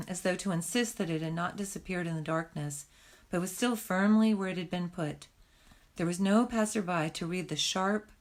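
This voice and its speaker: Woman reading a novel aloud. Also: on the low side. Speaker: reader.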